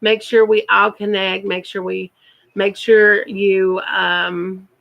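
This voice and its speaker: A woman's voice: mid-range voice, flat delivery, slow, gravelly, muffled recording. Chatty woman live-streaming. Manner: chatty, repeats words for emphasis. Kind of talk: casual live-stream chat.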